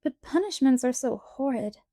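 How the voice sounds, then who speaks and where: A woman's voice: sits high, expressive, normal speed, mellow, no echo, studio quality, voice pushed up. Woman voicing a sorrowful young schoolteacher. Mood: gentle. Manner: sorrowful, earnest.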